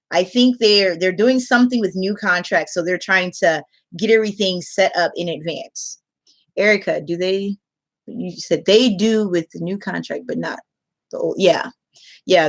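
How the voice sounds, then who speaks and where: A woman's voice: medium pitch, a bit bright. A young adult woman, an online English teacher, chatting casually on a livestream, reading out viewer comments and laughing often.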